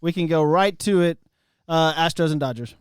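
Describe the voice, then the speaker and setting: Chatty, laughing sports-show man with a smooth voice. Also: fairly high pitch, moderate pace, no room sound, clean studio sound. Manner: enthusiastic, laughs often, chatty. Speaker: sports talk show co-host. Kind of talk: casual sports talk.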